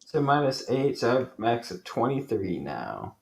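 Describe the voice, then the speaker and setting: A man playing in a tabletop game, joking and firing off quick questions. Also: medium pitch, wildly swooping pitch, creaky. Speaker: player. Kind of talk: casual play at a tabletop game. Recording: roomy echo.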